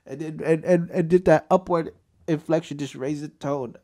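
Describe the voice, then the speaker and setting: The podcast's young male host speaks at normal speed in a creaky, somewhat mellow voice. His delivery is a loose, casual rant of crude, joking stories, punctuated by abrupt leaps in pitch.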